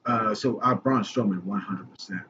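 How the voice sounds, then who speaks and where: A man co-hosting a casual podcast, excitable and swearing freely, tossing in bro and dude. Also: on the low side, moderate pace. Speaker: podcast co-host. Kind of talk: casual chat about wrestling. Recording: lo-fi with clear background noise.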